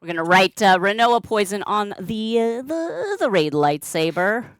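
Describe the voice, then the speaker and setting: A woman's voice: mid-range voice, animated, unhurried, slight background noise. A woman live-streaming as she twists balloons, chatting casually and greeting and thanking viewers by name, rambling with fillers and restarts. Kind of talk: casual live-stream chat while crafting.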